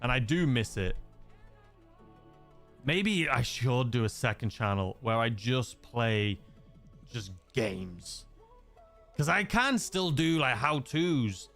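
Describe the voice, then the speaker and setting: Rambling English livestream host, faint music. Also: male voice, mid-range voice, sing-song, slow pace, pauses often, fairly bright tone. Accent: mixed English, slightly Scouse-leaning. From England. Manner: rambling, hesitant, many fillers and restarts. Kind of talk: casual livestream chat reading viewer messages.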